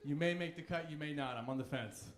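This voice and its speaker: A man's voice: a little high, quick pace. A man in his thirties doing a stand-up routine on a comedy club stage, cocky, provocative and crude. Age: 30s. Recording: echoey club room.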